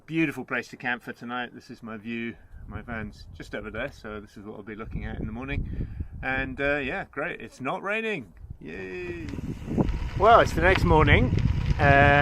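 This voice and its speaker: Chatty male vlogger, noisy outdoor recording. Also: fairly high pitch. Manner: chatty, with wry jokey asides; talking while riding a bike. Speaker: travel and cycling vlog host. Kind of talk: casual vlog narration to camera. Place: outdoors in the countryside. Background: outdoor background noise.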